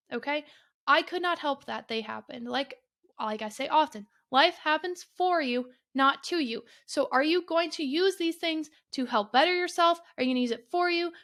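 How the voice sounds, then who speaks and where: A woman's voice: high voice, a bit bright. Blunt, swearing woman podcast host. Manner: blunt, emphatic, swears often, repeats points for emphasis. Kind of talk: solo podcast rant.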